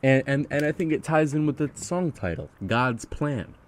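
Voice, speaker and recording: A man's voice: medium pitch, expressive, normal speed. A man hosting a podcast, chatting casually about music in an earnest way and asking leading questions. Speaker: podcast host.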